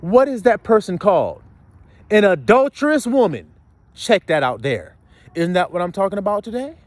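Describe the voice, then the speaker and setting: Profane, animated street preacher. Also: male voice, high voice, moderate pace, dry recording. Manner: blunt, profane street preaching with rhetorical questions. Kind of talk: sermon.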